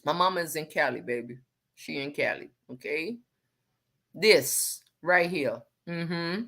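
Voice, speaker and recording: Sassy low-voiced woman with a bright edge. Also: measured pace. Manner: sassy, animated, swings from low muttering to loud exclamations. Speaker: livestream host reading viewer comments. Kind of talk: casual livestream chat.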